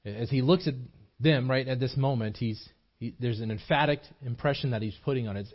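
A pastor with a mid-range voice preaches a sermon in a small church, talking briskly with few pauses. He is earnest and emphatic, repeating himself and often restarting as he builds his points. The recording sounds muffled.

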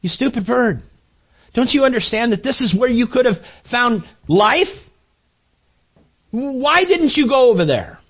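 A man's voice: high-pitched, sing-song, moderate pace. A preacher voicing an exasperated father who scolds and pleads at a bird in a raised voice. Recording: dull lo-fi recording.

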